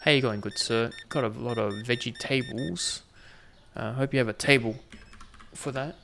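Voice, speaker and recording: A man's voice: mid-range voice, moderate pace, creaky, background noise. A young man giving casual gameplay commentary and chatting and joking with the customers in the game. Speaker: gaming video host.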